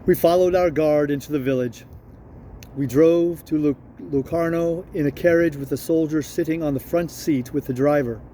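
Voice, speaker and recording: A man reads a novel aloud at a steady, unhurried pace and now and then corrects himself. His voice is mellow and pitched a little high. Faint street sounds drift in behind him. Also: a little hiss or hum. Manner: steady, unhurried reading with small self-corrections. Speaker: audiobook reader.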